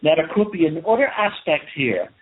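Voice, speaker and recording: A man's voice: a little high, sing-song, brisk, breathy edge. A man hosting a monologue commentary, indignant and conversational, repeating words for emphasis. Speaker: commentator host. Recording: tinny phone-like sound.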